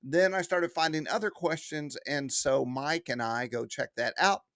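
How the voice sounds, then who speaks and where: A man's voice: a little high, moderate pace, fairly bright tone, dry recording, studio quality. A man hosting a weekly hobby news roundup, chatty and enthusiastic, with frequent fillers. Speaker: host of a weekly RC news show.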